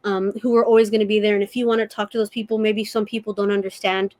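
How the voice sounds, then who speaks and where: A woman's voice: mid-range voice, flat delivery, quick pace, a little mellow, no room sound. A young woman talking as a podcast guest in casual conversation, earnest and openly emotional as she gushes.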